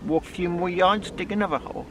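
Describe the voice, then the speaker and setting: Brief: West Country man vlogging outdoors, rambling and chatty, slightly high, bright tone, faint background noise. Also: fairly even intonation, fast talker. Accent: West Country English. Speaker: metal detecting vlogger. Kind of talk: casual outdoor vlog. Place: outdoors in a field, then a pub.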